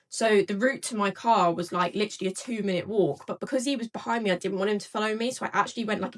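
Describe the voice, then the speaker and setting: A young woman casually recounting an experience, with lots of filler words. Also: mid-range voice. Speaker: storyteller in a clip. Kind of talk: casual storytelling.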